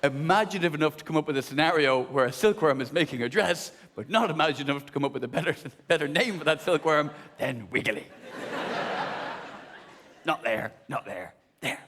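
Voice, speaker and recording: A man's voice: a little high, expressive, brisk, a bit bright. A man performing live stand-up comedy on a theatre stage, ranting animatedly and swearing freely into a stage mic. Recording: long theatre hall reverb.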